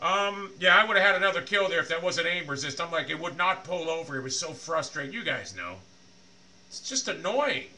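A man streaming a shooter game, swearing often and swinging between loud frustrated rants and low muttering to himself. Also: animated, fairly quick. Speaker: gaming streamer. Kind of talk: live game commentary.

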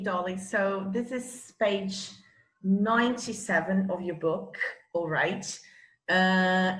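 A woman's voice: mid-range voice, echoey room. A woman teaching children a phonics lesson, patient and coaxing, often checking in with short questions.

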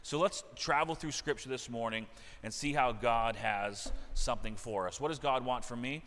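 In a church sanctuary with long reverb, a middle-aged male pastor preaches earnestly, repeating key phrases for emphasis. His voice is medium-pitched and fairly bright, delivered at a normal speed, with a little hiss or hum in the audio.

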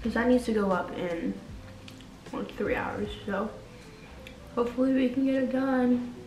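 A young woman chatting casually to camera as a vlogger. She is excitable, says "like" a lot and swears casually. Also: on the high side, unhurried. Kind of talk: casual vlog chat to camera. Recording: roomy echo with faint music behind.

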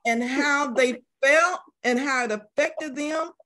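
Lively storytelling woman teacher. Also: high-pitched, takes it slowly. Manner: lively storyteller, repeats words, laughs often. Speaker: Sunday school teacher.

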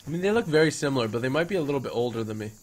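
A young man gives playful, hammy commentary over his game in an ordinary mid-pitched voice. He jokes with the creatures on screen in mock-grand lines. Now and then he breaks into loud excited shouts. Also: racing. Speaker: gaming YouTuber. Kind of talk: let's-play commentary.

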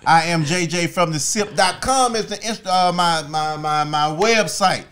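A comedian chats casually on a podcast. His voice is a little high, and he plugs his upcoming shows in a laid-back way. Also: moderate pace, fairly bright tone, smooth. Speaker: comedian and radio personality.

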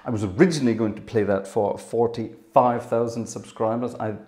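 A man's voice: mid-range voice, fairly even intonation, a little fast, mellow. A man from Britain, hosting his organ channel, giving a rambling casual update with lots of ums and yeses, a bit out of breath. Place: music room.

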